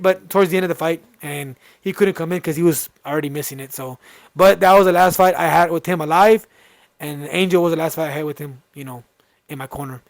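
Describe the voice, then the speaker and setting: A man's voice: fairly high pitch, no echo. A man, telling a story in casual podcast talk and acting out the dialogue. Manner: animated, acts out quoted dialogue. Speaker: podcast host.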